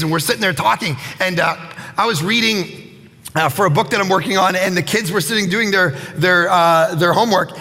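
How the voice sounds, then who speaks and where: A pastor in his thirties or forties preaching a lively sermon, telling self-mocking stories and acting out other people's voices. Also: high voice, gravelly. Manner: animated, self-mocking storytelling; acts out quoted voices. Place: church auditorium. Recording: long hall reverb with faint music.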